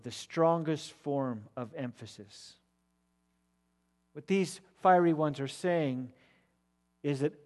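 A man delivers an expository sermon from a church sanctuary. His voice sits slightly high, and he swells into loud, emphatic declamation on repeated words. A long reverb from the large hall trails after each phrase. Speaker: preacher.

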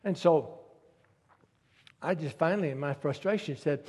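A preacher delivers a sermon, shifting between quiet storytelling and emphatic appeals, at a normal speed with frequent pauses. His voice is slightly high with a husky edge, and a long reverb suggests a large hall.

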